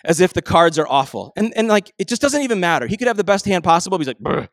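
Conversational pastor, bright tone. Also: male voice, high-pitched, no echo. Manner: conversational storytelling, animated impressions of family; slows and softens for emphasis. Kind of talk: sermon.

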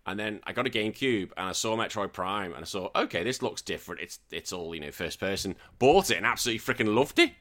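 A man's voice: fairly low pitch, expressive, quick pace, few pauses, fairly bright tone. A man with a Northwest English accent, hosting a podcast in a casual, rambling, sweary way. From northwest England. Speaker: podcast host.

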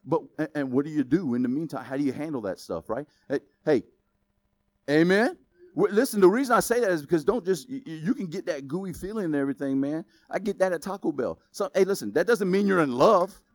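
Guy preaching, talks to the church like a buddy then gets loud, pretty high voice. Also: quick pace, no room sound. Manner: casual, conversational preaching that builds to loud exclamations. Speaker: pastor. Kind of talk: sermon.

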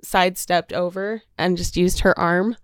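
A woman's voice: on the low side, steady tone, unhurried, clean tone, no echo, clean studio sound. A woman co-hosting a podcast, chatting candidly and often laughing. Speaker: podcast co-host. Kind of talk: casual chat.

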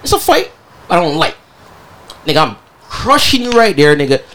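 A man telling a story in a casual podcast chat, slangy and animated, acting out the dialogue. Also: on the high side, normal speed, a little hiss or hum.

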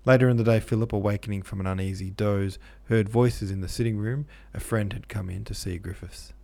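Low, gravelly male narrator. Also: steady tone, fairly quick, a little mellow. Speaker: podcast host and audiobook narrator. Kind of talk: scripted narration of a classic novel.

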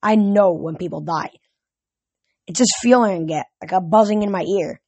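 A reader voicing a gloomy young boy who can sense death, in a storybook reading, spoken flat and quiet. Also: high-pitched, normal speed, no room sound. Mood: somber.

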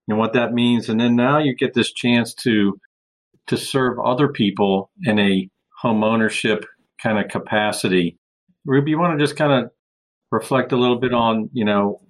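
A man's voice: on the low side, poor audio. A man hosting a podcast interview, asking friendly, encouraging questions. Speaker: podcast host.

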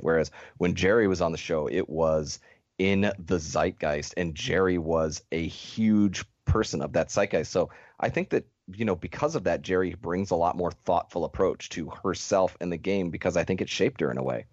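Male podcast guest, very deep, reflective with dry humor, lo-fi recording. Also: a little mellow, no room sound. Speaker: podcast co-host. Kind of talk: casual chat analyzing a reality show. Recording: dull lo-fi audio.

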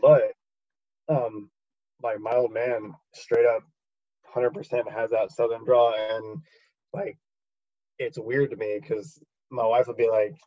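A man's voice: mid-range voice, flat delivery, slow pace, pauses often, no room sound, highs cut off. A man in casual conversation, joking and bantering easily. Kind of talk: casual chat.

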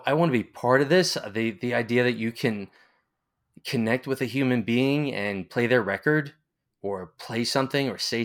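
A man in his forties with a Long Island accent, rambling as he tells nostalgic stories in a casual interview. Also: mid-range voice. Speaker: interviewee, former college radio announcer.

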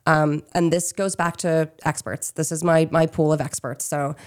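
A woman from Pennsylvania who runs a small business talks through an interview in a loose, conversational way. She fills her pauses with "um" and "you know" as she goes. Her voice sits very low for a woman. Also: fairly even intonation. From Chester County, Pennsylvania. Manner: chatty, frequent "um" and "you know". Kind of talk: casual interview answers.

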